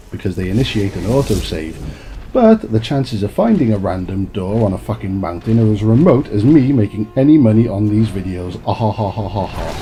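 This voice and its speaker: A man's voice: lowish voice, mellow, slight background noise. Swearing, exasperated man ranting. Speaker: gaming commentator. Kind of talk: ranting game review.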